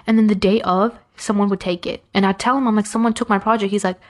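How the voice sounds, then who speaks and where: A woman's voice: mid-range voice, fast talker. A young woman hosting a podcast, chatting casually and acting out the people in her stories. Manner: chatty, animated retelling with acted-out quotes. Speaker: podcast host. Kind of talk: casual storytelling.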